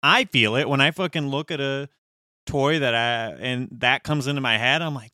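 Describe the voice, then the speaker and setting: Guy on a podcast, bright clear voice, swears a lot, acts out what people said, dry studio sound. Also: medium pitch, normal speed, no echo. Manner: animated, profane, hams up quoted voices. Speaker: podcast co-host. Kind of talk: casual chat, storytelling.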